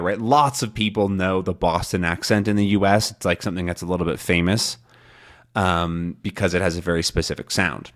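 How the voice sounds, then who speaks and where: A man hosting a podcast lesson for English learners, talking in a relaxed, loose way with many fillers and restarts. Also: on the low side. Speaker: podcast host and English teacher. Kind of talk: casual spoken lesson.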